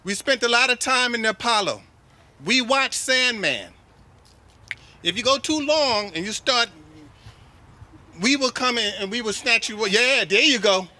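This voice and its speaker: A man's voice: very high voice, unhurried, sharp tone. A middle-aged man from New York City hosting a memorial gathering, joking and commanding as he invites people up. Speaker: master of ceremonies at a memorial.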